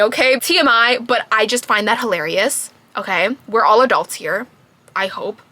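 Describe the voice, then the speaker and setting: A woman giving a casual book review to camera, emphatic and quick to laugh. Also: fairly high pitch, sharp tone, no room sound.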